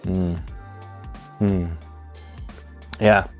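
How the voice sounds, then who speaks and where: A man with a Hispanic American accent hosting a casual whiskey review vlog, talking in a relaxed, rambling way with many fillers. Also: low voice, extremely slow, faint music behind. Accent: Hispanic American English. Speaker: whiskey reviewer, channel host.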